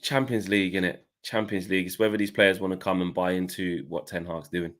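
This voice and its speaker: A man chats about football in a laid-back, slangy way, with lots of casual asides. His voice sits on the lower side but sounds bright. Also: little pitch movement, a little fast. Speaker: co-host pundit.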